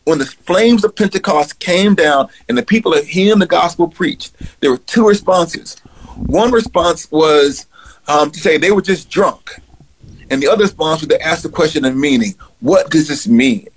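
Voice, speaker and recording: A man's voice: a little high, moderate pace, slightly rough, low-quality recording. A man speaking earnestly in a played clip about faith and justice. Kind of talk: public talk on faith.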